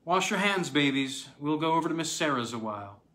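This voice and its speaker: Male reader playing a gentle, practical young mother, soft and a bit higher. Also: animated, fairly quick. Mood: soothing.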